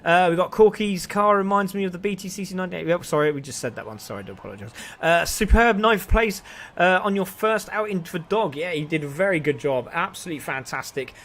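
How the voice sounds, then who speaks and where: A man doing live sim racing commentary, excitable and climbing with the action, his voice tiring and hoarse. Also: high voice, fast talker. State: voice going hoarse.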